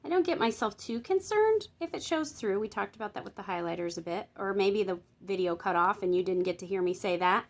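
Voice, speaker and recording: A woman's voice: mid-range voice, lively intonation, brisk, hardly any pauses. A woman giving a casual tutorial on Bible journaling, chatting and thinking aloud while she works, explaining each step and checking in with her viewers.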